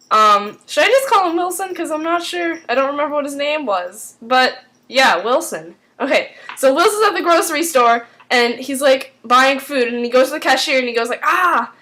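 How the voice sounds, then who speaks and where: A woman's voice: high-pitched, animated, moderate pace, a bit bright. A woman casually recapping a TV episode, rambling with lots of fillers. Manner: rambling, full of "like" and "um". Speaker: TV recap vlogger.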